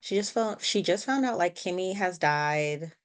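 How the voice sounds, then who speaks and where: A woman's voice: fairly low pitch, expressive, a little slow. A woman co-hosting a podcast, casually talking through a TV episode and giving her own take on it. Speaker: podcast co-host.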